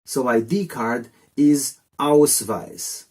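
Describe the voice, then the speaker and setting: Male tutor, relaxed mellow tone, loose jokey delivery for a casual video lesson. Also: medium pitch, extremely slow. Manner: rambling, chatty, jokey asides. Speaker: language teacher.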